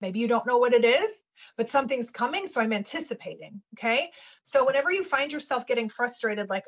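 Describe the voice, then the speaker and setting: A woman coaching casually in a webinar, animated, acting out little voices and often asking "right?". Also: fairly high pitch, brisk, husky, highs cut off. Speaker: webinar guest speaker.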